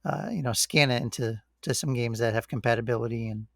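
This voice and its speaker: Guy chatting on a podcast, laid back, gravelly voice, dry close sound. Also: mid-range voice, brisk, dry recording. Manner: relaxed, rambling, says "like" and "you know" a lot. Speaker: podcast co-host. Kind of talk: casual chat.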